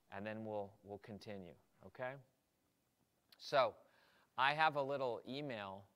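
Animated man teaching a workshop. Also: mid-range voice, smooth. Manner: animated, acts out quoted emails and students' questions. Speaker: entrepreneurship instructor. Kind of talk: energetic workshop lecture.

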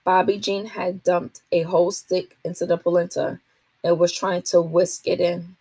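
A woman, a teacher, reading a children's novel aloud to a class in a steady, expressive way. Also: on the low side, moderate pace, husky, no room sound.

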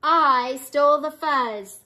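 A woman's voice: sits high, steady tone, moderate pace, a bit bright, pitched above the performer's own voice. An older woman voicing Big Bark, a boastful male prairie dog who snarls his lines. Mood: snarling.

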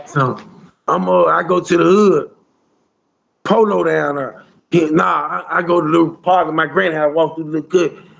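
Gravelly high-voiced man telling stories. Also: fairly even intonation, normal speed, fairly bright tone, lo-fi sound. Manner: rambling, slangy, repeats "you hear me" and "bro". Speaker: storyteller guest. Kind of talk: casual street storytelling.

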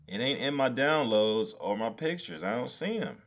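A man's voice: on the low side, lively intonation, a little slow, a bit bright. A man live-streaming his design work, talking to himself as he goes, swearing freely and laughing when things go wrong. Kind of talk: casual live-stream commentary.

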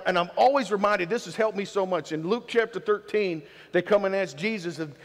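A man preaching in a church with a high, ringing voice that trails off into a long reverb. He works the congregation with repeated questions, lively and preachy. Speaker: pastor. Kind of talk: sermon. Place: church sanctuary.

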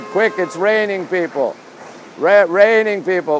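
Faint street noise hums behind this man, who live-streams from a rainy city street at night and reads viewers' comments aloud into the phone he holds in one hand. He has a New York accent and a high-sitting voice, chatting casually at a normal speed.

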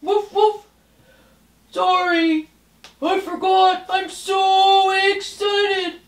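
A woman voicing an excitable young dog puppet who barks between words and is impatient to go for a car ride. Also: very high-pitched, drawn-out words, recorded from a distance, voice pushed up, heavily acted. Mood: excited. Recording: roomy echo.

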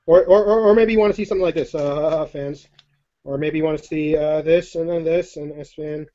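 Man, card magician, live stream, jokey and rambling, slightly high voice, dull lo-fi audio. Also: brisk. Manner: jokey, excitable, rambling with self-deprecating asides. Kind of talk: chatty live-stream demonstration.

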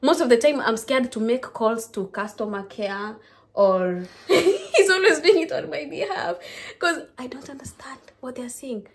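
A young Kenyan woman with a Kenyan accent, chatting to her viewers in a lively, casual vlog. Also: on the high side. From Kenya, Kisii. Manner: lively, keeps addressing viewers as guys. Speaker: vlogger.

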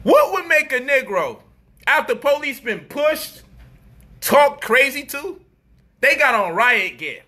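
A man delivering an animated, profane street-style commentary monologue, mocking people and acting out their voices. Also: very high-pitched, takes it slowly.

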